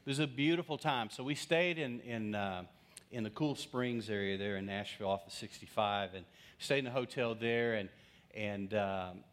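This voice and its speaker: A pastor with a lowish male voice delivers a sermon as a lively personal anecdote. He slips into the voices of the people in his story, playing the scenes for laughs. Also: moderate pace. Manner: humorous, acts out quoted voices.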